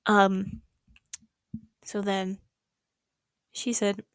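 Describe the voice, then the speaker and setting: Very slow and clean in tone, a young woman's mid-range voice comes through a dry recording with clean studio sound. She's a vlogger chatting about her day at night in a small apartment, rambling and animated, sometimes slipping into a whisper.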